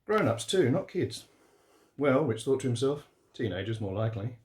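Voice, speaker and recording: A man's voice: mid-range voice, normal speed. Man reading horror in echoey room. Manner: relaxed, steady, few fillers. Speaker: author reading his story. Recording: roomy echo.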